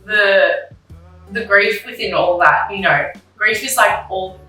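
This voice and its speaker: A young woman, a guest in an interview about grief, speaks slowly at a medium pitch in a bright voice, candid and emotional throughout. She reenacts old exchanges between herself and others, saying like and um a lot. Sitting far from the mic in a very echoey room, she has faint music playing beneath her.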